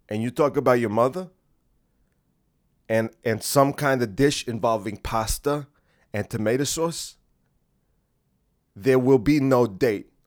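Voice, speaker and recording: Low-voiced mob enforcer, slow and quietly threatening, as a podcaster puts him on. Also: male voice, no room sound, clean studio sound, lightly acted. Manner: slow, drawn-out menacing delivery. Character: menacing Italian-American mobster man threatening kneecaps.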